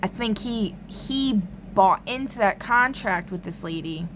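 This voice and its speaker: A woman rambles through a dream in a casual vlog, her voice sitting at a middle pitch. She fills her talk with "like" and swears freely. A faint hiss sits under the recording. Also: animated, measured pace, fairly bright tone. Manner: rambling, lots of "like", frequent swearing. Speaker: tarot reader recounting a dream.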